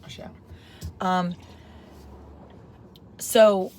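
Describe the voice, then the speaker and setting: A woman's voice: fairly low pitch, fairly even intonation, darkish tone. Teasing woman in a car. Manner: teasing, prodding, quick to ask for more. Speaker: passenger, chat partner. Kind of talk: casual chat on a car ride. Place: inside a car. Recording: road noise in a car.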